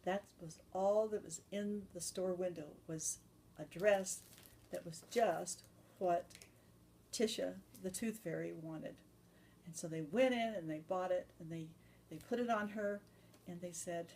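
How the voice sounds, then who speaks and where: A woman's voice: on the low side, a little slow, dark tone, a little hiss or hum. A woman telling an improvised story to children, loose and chatty with restarts.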